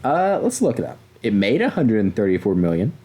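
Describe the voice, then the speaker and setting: A young man co-hosting a podcast, chatting casually and hesitantly with many pauses and fillers. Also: on the low side, very animated, warm tone, slightly rough. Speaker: podcast co-host. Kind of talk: casual chat.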